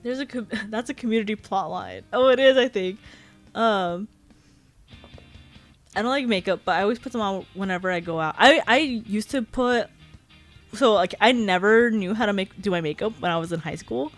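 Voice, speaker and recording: A woman's voice: medium pitch, normal speed, soft background music. A young woman in her twenties streaming a casual chat, rambling with lots of fillers and giggling often. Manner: filler-heavy, frequent "like".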